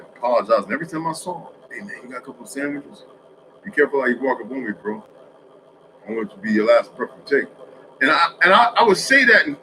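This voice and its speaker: A man's voice: high-pitched, pushed and bright, a little hiss or hum, rough recording. A man in a casual, rambling monologue for social media, telling streetwise stories with lots of cursing. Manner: profane, rambling, streetwise storytelling.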